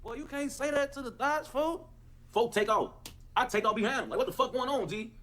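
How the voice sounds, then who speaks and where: A man's voice: very high-pitched, fairly quick. A man delivering a profane, repetitive livestream rant. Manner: animated, repetitive, cursing.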